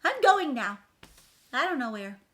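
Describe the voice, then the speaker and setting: A woman voicing a frustrated little male mouse in a storybook, with shrill, exasperated outbursts. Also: very animated, measured pace, a bit bright, exaggerated voice. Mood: fed up.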